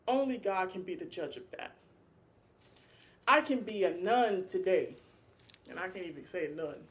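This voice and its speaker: A woman's voice: medium pitch, moderate pace, long pauses. A woman leading an informal Bible study, speaking with passion, acting out prayers and dialogue, and talking to her listeners in a casual, familiar way. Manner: impassioned, animated, acts out prayers and dialogue; colloquial, addresses listeners as y'all. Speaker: Bible teacher.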